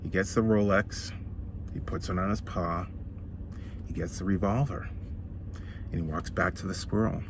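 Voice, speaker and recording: A man telling a comic story in a casual, animated way, slowing down for dramatic effect. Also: low voice, background noise.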